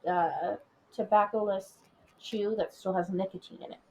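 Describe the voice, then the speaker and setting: A woman's voice: medium pitch, steady tone, moderate pace, darkish tone, husky, poor audio. A young woman co-hosting a casual chat podcast, rambling through a personal story with lots of filler words. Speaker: podcast co-host.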